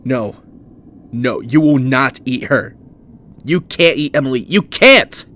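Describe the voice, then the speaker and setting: A man's voice: medium pitch, fairly even intonation, a little slow, darkish tone, slight background noise, close to an everyday voice. A man voicing a frightened young man, an engaged hunter who stammers and pleads. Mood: frantic shouting. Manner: stammering, pleading, near hysterical.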